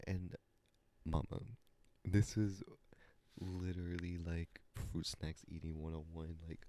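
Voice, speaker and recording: A young man hosting a podcast, telling a story in a casual, animated and profane way, dropping into whispers at times. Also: low-pitched, takes it slowly, long pauses, no echo. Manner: animated, profane, dramatic retelling with sudden whispers. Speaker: podcast host.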